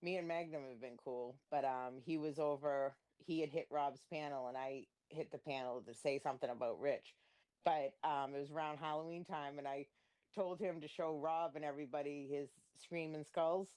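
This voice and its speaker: A woman's voice: normal speed, clean tone. A woman hosting a live stream, telling crude, laughing gossip stories in a casual chat. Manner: profane, laughing, animated gossip; mimics others in a high squeaky voice.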